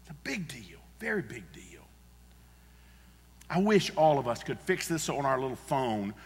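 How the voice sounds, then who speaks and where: A man's voice: mid-range voice, sing-song, normal speed, creaky, slightly rough, big-room sound. A male pastor preaching a sermon in a church, earnest and emphatic, repeating his key phrases. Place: church sanctuary.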